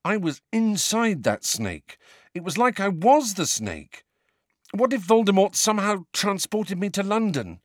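A man's voice: sits high, sing-song, a little slow, no echo, clean studio sound, pitched above the performer's own voice. A man voicing a sullen, touchy teenage boy who answers stiffly and defensively.

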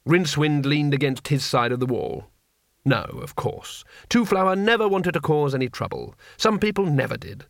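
A man narrating a comic fantasy audiobook in a wry, expressive storytelling manner. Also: fairly high pitch, normal speed, gravelly, no room sound, studio quality. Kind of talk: scripted narration.

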